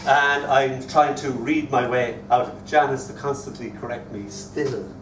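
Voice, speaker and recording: A man in his sixties with an Irish accent, a poet reading his work and telling stories at a live reading in a hotel, animated and often chuckling as he recites verse. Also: mid-range voice, normal speed. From Ireland. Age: 60s. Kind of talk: live poetry reading with storytelling. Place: hotel room at a poetry festival. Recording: echoey room, distant mic, noisy.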